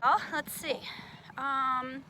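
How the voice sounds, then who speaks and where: A woman teacher leading a children's puppet lesson, patient and gently explaining. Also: high voice, steady tone, drawn-out words.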